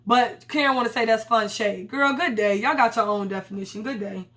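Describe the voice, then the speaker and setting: Woman, young adult, casual vlog commentary, blunt, profane, slangy, higher voice. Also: brisk, fairly bright tone. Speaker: reality TV reviewer.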